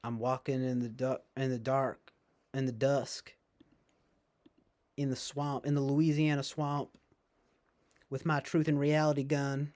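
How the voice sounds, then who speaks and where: A man's voice: medium pitch, flat delivery, a little slow, long pauses, darkish tone. A man rambling to his viewers in casual chat, sarcastic, swearing and laughing often. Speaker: streamer.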